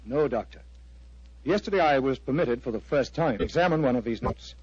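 A man's voice: mid-range voice, animated, fairly quick, darkish tone, breathy edge, no echo. An actor playing an agitated, earnest clergyman in a vintage radio drama, pleading and intense. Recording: dry, dull lo-fi old radio recording.

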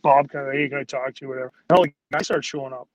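A man's voice: medium pitch, steady tone, racing, no echo, poor audio. A man who played pro hockey, a guest telling stories in a rambling way, full of "like"s and acted-out quotes of teammates. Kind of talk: casual storytelling.

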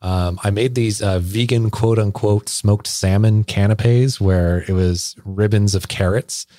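A man's voice: lowish voice, fairly even intonation, a little slow, warm tone, dry recording, studio quality. A man co-hosting a podcast, telling a long casual story with many fillers and laughs. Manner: rambling, laughing anecdote full of fillers. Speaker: podcast co-host.

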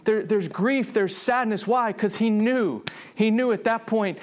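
Male preacher, sermon, fairly high-pitched, animated, repeats words as he goes. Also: unhurried, few pauses. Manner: animated, acts out God's voice with rising pitch; frequent restarts and repeated words.

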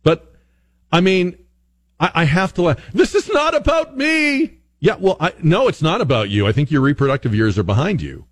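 A man hosting an opinion talk show, delivering a sarcastic, mocking monologue with exaggerated high-pitched asides. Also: a little fast, dry recording. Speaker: political commentary host.

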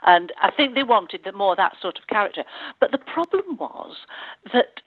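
An older woman, a former actress, reminisces in an interview with halting, amused speech full of restarts. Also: mid-range voice, big pitch swings, no echo. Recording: tinny, dry phone-like line.

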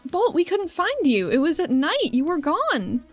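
A woman voicing a sly female agent who dodges blame with rapid-fire questions. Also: extremely high pitch, sing-song, dry recording, soft background music, pitched above the performer's own voice. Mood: defensive. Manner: evasive, rapid-fire, teasing.

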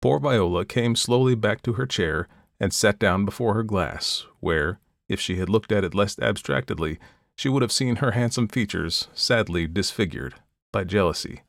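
A man narrating a classic story in a measured, even storytelling manner. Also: fairly low pitch, creaky, no echo, clean studio sound. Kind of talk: audiobook reading of classic fiction.

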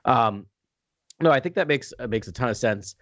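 A man's voice: mid-range voice, lively intonation, moderate pace, a bit bright, dry recording. A man co-hosting a fan podcast, chatting casually and animatedly, laughing easily. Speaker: podcast co-host. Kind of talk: casual chat.

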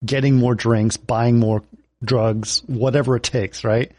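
A man's voice: medium pitch, fairly even intonation, a little slow, a little mellow, no room sound. A man casually retelling film scenes as a podcast co-host, rambling and laughing, on a call mic.

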